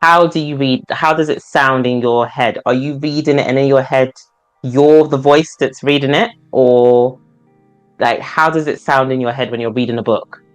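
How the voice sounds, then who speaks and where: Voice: medium pitch, fairly even intonation, moderate pace, soft background music. A podcast co-host chatting casually about reading, asking questions and backing the other speaker with short mm's. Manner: inquisitive, many short mm's. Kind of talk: casual book chat.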